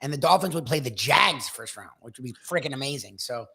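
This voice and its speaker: A man co-hosting a sports radio show, talking excitedly about playoff scenarios. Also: medium pitch, gravelly, slightly rough. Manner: enthusiastic, quick asides. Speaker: co-host.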